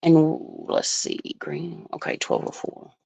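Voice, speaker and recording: A woman's voice: slow, warm tone, dry recording. A woman hosting an astrology livestream, chatting casually and thinking aloud while she answers viewer comments.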